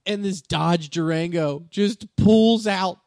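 A male comedian telling animated, profane stories in a casual podcast chat on a studio microphone. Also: high voice, takes it slowly, no room sound. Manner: animated storytelling with swearing. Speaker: stand-up comedian.

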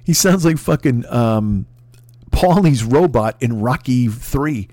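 A man hosting a comedy podcast, rambling and swearing, with sudden loud excitable outbursts. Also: a little high, unhurried, no echo. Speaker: podcast host. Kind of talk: profane comedic podcast monologue.

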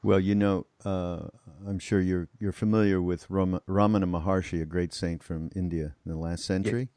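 A man's voice: deep voice, steady tone, moderate pace, warm tone, clear, resonant tone, no echo, clean studio sound. A man hosting an interview, speaking thoughtfully and restarting phrases as he searches for words. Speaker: host, interviewer. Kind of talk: casual conversational interview.

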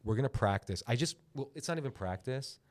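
A man's voice: mid-range voice, lively intonation, a little fast. A man hosting a podcast in comedic casual chat, rambling and joking with self-mocking bravado. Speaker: podcast host. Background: guitar music.

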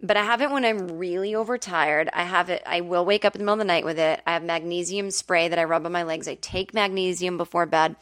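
A woman's voice: fairly even intonation, fast talker, few pauses, fairly bright tone. Chatty woman host telling a story. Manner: candid, chatty, swears freely, acts out quotes in a high whiny voice. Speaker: podcast host. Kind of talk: casual storytelling monologue. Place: temporary home in Brooklyn.

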